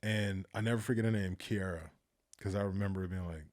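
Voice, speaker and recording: Man, low voice, casual interview, animated anecdotes, laughs a lot. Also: brisk. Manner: animated storyteller, acts out quoted voices, laughs often. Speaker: filmmaker guest.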